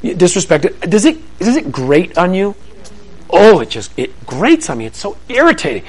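This middle-aged man speaks high and slightly breathy at a normal pace, giving a Christian parenting talk before a live audience in a room. He tells family stories with animation and humor, acting out the dialogue and making self-deprecating jokes. The audio is poor.

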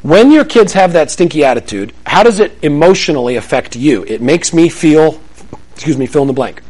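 A middle-aged man delivers a Christian parenting talk to a room of listeners, his voice pitched high and swinging widely. He slips into acted family dialogue and self-deprecating jokes as he makes his points. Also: brisk, breathy edge, low-quality recording. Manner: animated storytelling, acts out family dialogue; humorous, self-deprecating asides. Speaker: parenting speaker. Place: room with an audience.

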